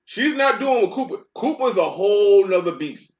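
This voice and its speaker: Guy with a higher voice, incredulous and emphatic, chatting about a show, muffled audio. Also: lively intonation, normal speed. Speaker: podcast co-host. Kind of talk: casual chat recapping a TV show. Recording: dull lo-fi recording.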